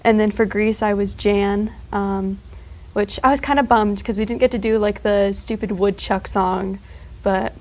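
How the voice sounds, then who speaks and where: A teenage girl chats as a guest on a student talk show. She rambles loosely, stringing her thoughts together with fillers and quick laughs, in a voice at an ordinary middle pitch. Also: steady tone, a little mellow, rough recording. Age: teens. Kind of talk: casual chat.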